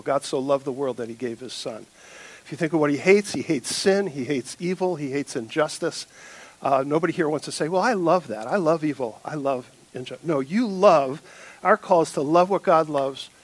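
Man preaching with lively humor. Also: a little high. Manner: quiet solemn prayer. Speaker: pastor. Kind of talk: sermon.

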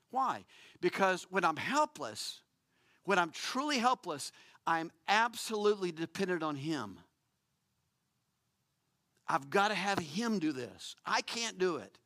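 A man's voice: high voice, very animated, unhurried, pauses often, sharp tone. A man preaching a sermon, emphatic and repetitive, acting out quoted lines.

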